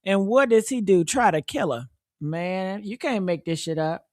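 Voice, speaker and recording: A woman commenting casually on a story, blunt and profane, swinging between loud outbursts and low muttering. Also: expressive, measured pace, no room sound, studio quality.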